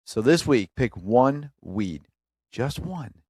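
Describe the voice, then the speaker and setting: A man's voice: medium pitch, expressive, slow pace, a little mellow, slightly rough, dry recording, studio quality. A man hosting a faith-based motivational podcast, speaking earnestly in short emphatic phrases and addressing the listener as a brother. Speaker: podcast host.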